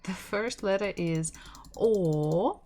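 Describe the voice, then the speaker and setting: A woman's voice: mid-range voice, lively intonation, slow pace. A woman teaching a language lesson in English, explaining patiently with restarts and little laughs. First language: Russian.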